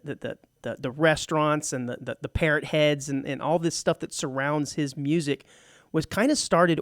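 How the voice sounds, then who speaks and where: A Texas man with a slightly high voice hosts a casual radio talk show, recorded dry and at studio quality. He tells rambling stories with many restarts and teases his co-host.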